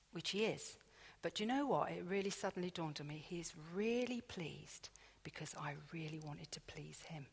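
A woman's voice: fairly low pitch, expressive, moderate pace, a bit bright, husky. A woman preaching a conversational sermon, chatty and confiding, acting out her own inner dialogue as she tells stories. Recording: echoey hall.

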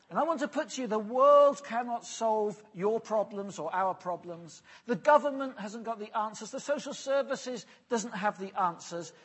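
A man preaching an earnest, pastoral sermon, often letting his phrases fall soft and low at the end. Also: breathy edge. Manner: earnest, pastoral, drops softly at phrase ends.

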